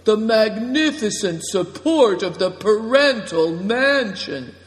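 A man voicing a boastful, touchy male traveler who mocks and flares up into high cries. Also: animated, measured pace, fairly bright tone. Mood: sneering. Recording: long reverb.

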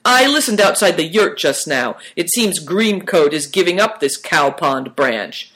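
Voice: medium pitch, very animated, unhurried, fairly bright tone. A reader voicing Good Fortune, a tired older man and caravan elder who sighs as he speaks, in a storybook reading. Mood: weary. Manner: sighing, tired.

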